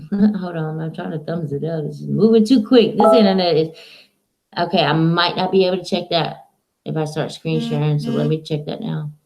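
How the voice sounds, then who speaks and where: A woman's voice: deep voice, moderate pace, vocal fry, background noise. A woman streaming live from home, chatting in a rambling, casual way to her viewers and her dog.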